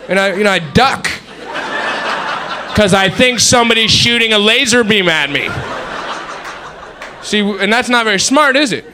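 A man's voice: high-pitched, lively intonation, a little fast, pauses often. A man doing a rambling, self-mocking stand-up bit. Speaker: stand-up comedian. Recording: noisy live recording.

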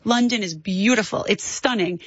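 A woman speaking as a guest on a talk radio interview, emphatic and quick. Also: medium pitch, dry recording, muffled recording.

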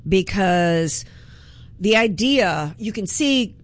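A woman's voice: mid-range voice, animated, slow pace. Impassioned woman hosting talk radio. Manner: impassioned, emphatic, with frequent restarts. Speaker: radio talk show host. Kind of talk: political talk radio monologue.

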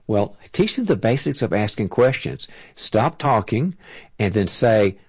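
A man's voice: medium pitch, sing-song, normal speed, a little mellow, no room sound. A man, a parenting author, giving direct and practical advice on a talk show and acting out what a parent would say. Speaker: parenting author and guest expert.

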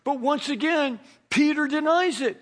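A man's voice: extremely high pitch, unhurried. A male pastor preaching, telling the story with energy and asking his listeners rhetorical questions. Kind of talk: sermon.

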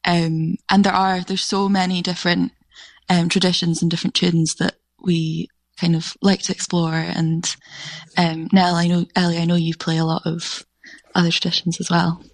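A woman guest musician with a lowish, flat voice, talking with enthusiasm and frequent ums. The sound is dry and close to the mic. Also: moderate pace, no echo. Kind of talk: radio interview.

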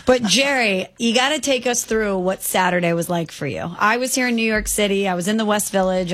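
Woman host, enthusiastic questioner in casual sports talk, mid-pitched voice. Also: fairly bright tone.

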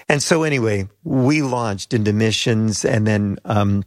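A man's voice: fairly low pitch, measured pace, few pauses, dry recording, studio quality. An older man, a pastor and mission leader from the United States, telling stories as an interview guest and acting out the voices of people he quotes. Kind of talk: storytelling interview.

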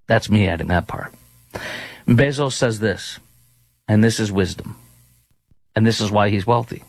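A man's voice: on the low side, unhurried, gravelly, long pauses. A man filling in as a talk radio host, speaking in an opinionated, rambling way with fillers and restarts into a studio microphone.

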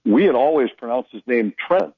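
A hockey broadcaster talks shop on the radio, spinning stories and perking up whenever he quotes someone. His voice is a bit husky and the studio sound is dry and slightly dull. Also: medium pitch, a little fast, no echo. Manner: storytelling, animated when quoting people. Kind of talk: casual radio chat.

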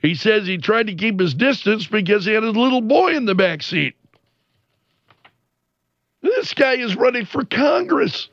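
A man with a high-pitched voice talks through the news in an unhurried, deliberate way, retelling an incident with lively emphasis. The recording is dry and a little muffled. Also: no room sound. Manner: animated, retells quotes with censored swearing. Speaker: commentator. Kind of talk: casual news commentary.

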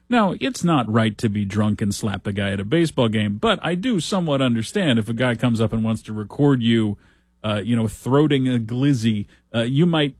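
A husky-voiced man hosts a talk show, delivering casual news commentary. He reads headlines aloud and breaks in with wry, sarcastic asides. The sound is dry and close, with no room around it. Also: medium pitch, lively intonation, brisk, darkish tone, no room sound.

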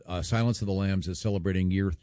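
A man hosting a casual group chat, rambling and self-deprecating, halting with fillers. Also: low-pitched, steady tone, mellow, no room sound, clean studio sound. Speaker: radio show host.

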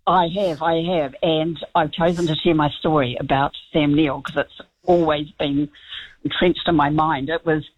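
A woman's voice: deep voice, normal speed, muffled recording. Chatty woman with a New Zealand accent. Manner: chatty, excited, storytelling. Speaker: caller. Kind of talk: phone-in anecdote.

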